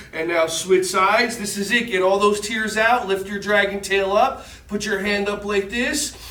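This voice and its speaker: A man leading a children's yoga lesson in a gentle, encouraging, playful way. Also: high voice. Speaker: kids yoga instructor. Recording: echoey room, mic at a distance.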